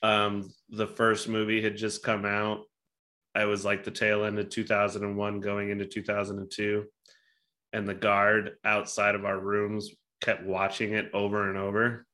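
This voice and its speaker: A man's voice: lowish voice, monotone, normal speed, bright, forceful tone. A man in his thirties co-hosting a podcast, reading out trivia questions in a casual, joking way and swearing freely. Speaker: podcast co-host running a trivia game. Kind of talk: casual chat.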